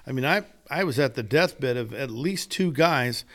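A man's voice: medium pitch, animated, moderate pace, fairly bright tone. An older man, a guest author, telling stories in an earnest, preacher-like way during a casual podcast conversation. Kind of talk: casual chat.

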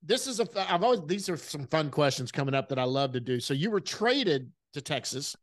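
Male podcast host; chatty and eager interviewer, a bit higher pitched. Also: sing-song, fairly quick. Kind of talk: casual interview chat.

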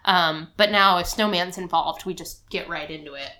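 A woman in her thirties chatting casually as a podcast co-host, animated, slipping into a squeaky toddler voice when quoting. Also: moderate pace. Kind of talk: casual chat.

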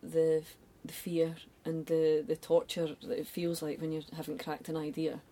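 Guest: Scottish woman founder, lower voice, expressive storyteller, quick to swear and laugh. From Scotland. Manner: animated storyteller, acts out quoted voices, swears, laughs often. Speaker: guest, design agency founder. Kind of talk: casual interview chat.

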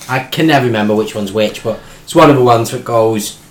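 A man's voice: mid-range voice, brisk. A young man chiming in with short comments in a casual chat among friends. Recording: echoey room with faint ambient noise.

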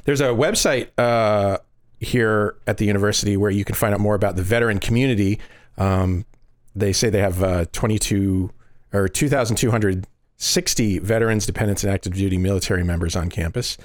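A low-voiced man hosts a casual podcast chat, talking fairly quickly but hesitantly, full of fillers and restarts. The recording is dry, with clean studio sound.

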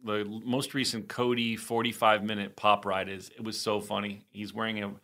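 A man co-hosting a podcast in casual chat, animated and joking, swearing freely. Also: fairly low pitch, moderate pace. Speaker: podcast co-host.

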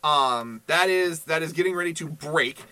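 Male podcast host, high bright voice, animated, casual history chat, profane asides, dry close sound. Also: moderate pace, clear, resonant tone, no room sound. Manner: animated, profane, acts out quotes in silly voices.

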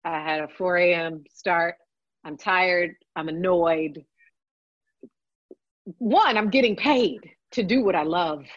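A woman telling a lively story in casual chat, swearing freely and adding chatty asides. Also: lowish voice, takes it slowly, pauses often, no room sound, dull audio. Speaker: podcast guest, works on a TV set.

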